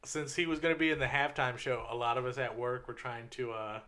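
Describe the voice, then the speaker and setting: A man's voice: medium pitch, fairly even intonation, brisk, sharp tone. A man in his thirties co-hosting a podcast, cracking crude jokes in casual chat. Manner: crude, joking. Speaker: podcast co-host.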